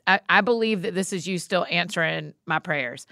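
A woman's voice: lowish voice, normal speed, vocal fry, bright, forceful tone, no echo, clean studio sound. A woman interviewing a guest in a conversational way, affirming him with short reactions.

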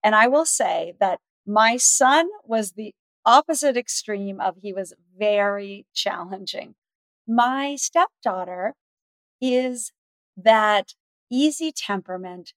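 A middle-aged woman speaking as the expert guest on a parenting podcast, telling stories lively and acting out the dialogue. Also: medium pitch, takes it slowly, no echo. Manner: animated storyteller, acts out dialogue. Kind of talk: podcast interview.

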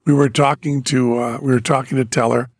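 Teasing older man with a husky voice. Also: mid-range voice, fairly even intonation, brisk, no echo. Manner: rambling, teasing. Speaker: podcast host. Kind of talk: casual chat.

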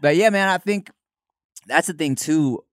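A man's voice: a little high, unhurried, fairly bright tone, no echo, studio quality. A man co-hosting a podcast, telling loose, filler-heavy stories in casual chat. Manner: rambling storyteller, many fillers, laughs often. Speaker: podcast co-host.

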